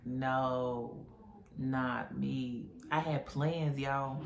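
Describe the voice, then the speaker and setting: Young woman telling a story in a roomy echo. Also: very deep voice. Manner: animated retelling with quoted voices. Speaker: vlogger. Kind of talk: casual storytime.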